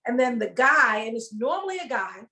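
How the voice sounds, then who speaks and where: Woman comedian guest, animated, acts out bits, a touch higher-pitched voice. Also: moderate pace, poor audio. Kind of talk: casual chat.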